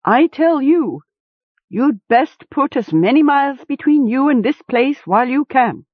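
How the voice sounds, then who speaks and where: A woman's voice: high voice, expressive, measured pace, slightly rough, dry recording, voice pushed up, exaggerated voice. A woman voicing a thin, half-starved male farm hound that is anxious and whimpering, in a storybook reading over a tinny line. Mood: warning. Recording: tinny phone-like sound.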